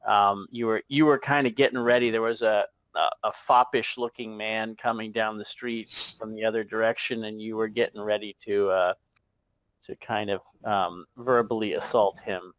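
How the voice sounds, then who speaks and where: A man narrating a tabletop game as game master, unhurried and hesitant with many fillers. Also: lowish voice, fairly even intonation, a bit bright, no room sound.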